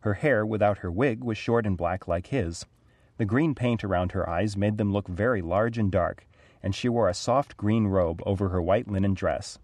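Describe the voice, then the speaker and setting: Low-voiced man reading a storybook. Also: moderate pace, dry recording. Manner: clear, even read-aloud delivery. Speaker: narrator.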